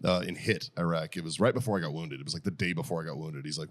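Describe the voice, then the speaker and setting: A very deep male voice rattles along rapid-fire with few pauses. He's a middle-aged American podcast host telling profane stories in casual chat and laughing frequently.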